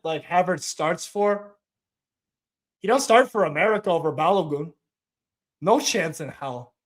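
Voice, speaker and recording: A man's voice: fairly high pitch, animated, a little slow, long pauses. A man hosting a live watch-along stream, giving casual commentary in a profane, ranting, mocking way.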